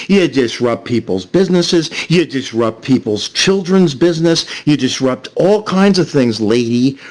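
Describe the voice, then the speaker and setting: Man, rant on a voice call, lively high-ish pitch, repetitive and scornful. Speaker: streamer on a voice call. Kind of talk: ranting voice-call chat.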